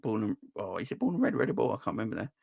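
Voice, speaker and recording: A man hosting a fan channel livestream, chatting casually and reading out comments, his voice jumping high when he rants. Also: very fast, creaky, slightly rough, no room sound, studio quality. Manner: animated, voice jumps high when ranting.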